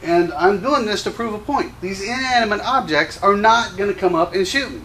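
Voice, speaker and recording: Gun shop owner, male, high-pitched, combative and profane on-camera rant. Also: normal speed, fairly bright tone, a little hiss or hum. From Louisiana. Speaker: gun store owner and show host. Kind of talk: ranting commentary to camera.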